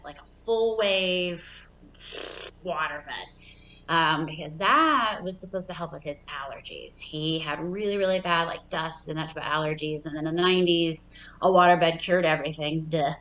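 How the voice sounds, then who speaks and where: A woman's voice: on the low side, fairly bright tone, reverberant, rough recording. A woman in her thirties telling a childhood story in a stand-up comedy set, casual and rambling with lots of fillers. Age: 30s.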